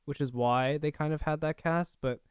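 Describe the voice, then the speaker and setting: A man's voice: a little high, fairly even intonation, moderate pace, clean tone, no room sound, clean studio sound. A young man co-hosting a podcast, chatting in an easygoing way. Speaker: podcast co-host. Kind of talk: casual chat.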